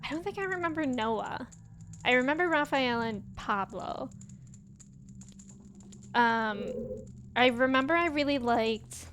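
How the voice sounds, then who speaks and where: Her voice is fairly high and a bit bright, with a Midwestern American accent. The young woman is streaming a game with music playing, giggling, rambling and talking casually with viewers.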